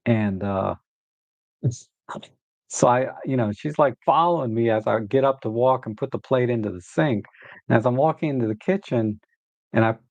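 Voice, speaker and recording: A man's voice: medium pitch, creaky, a little mellow, no echo. A man hosting a casual photography livestream, rambling with many fillers and restarts. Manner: rambling, many fillers and restarts, baby talk to his dog. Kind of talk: casual live-stream chat.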